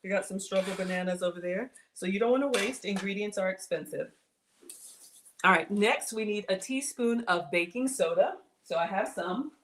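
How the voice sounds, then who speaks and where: Speaking at a normal speed in a mid-range voice, this Southern-accented woman runs a relaxed cooking livestream from her kitchen at home, talking chattily with viewers and teasing herself along the way. There's a slight hiss or hum in the recording.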